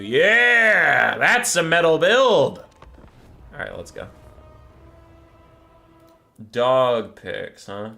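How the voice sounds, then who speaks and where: A young man who says he feels sick, chatting casually with viewers while he sets up a strategy game, rambling and cooing over pet photos. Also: fairly low pitch. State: sick, stuffy. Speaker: streamer. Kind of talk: casual gameplay chat with viewers.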